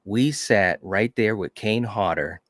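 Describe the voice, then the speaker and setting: A man's voice: fairly low pitch, slow pace, fairly bright tone, dry recording, clean studio sound. A man co-hosting a casual chat, telling stories with enthusiasm and lots of "you know". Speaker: podcast co-host.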